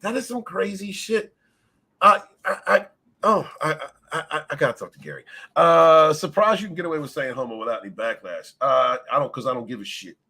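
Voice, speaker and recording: Casting: middle-aged male streamer, bright husky voice, loose and profane, laughs a lot. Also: on the high side, lively intonation, a little fast. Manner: loose, laughing, greets chat by name, swears freely. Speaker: livestream host. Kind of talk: casual livestream chat.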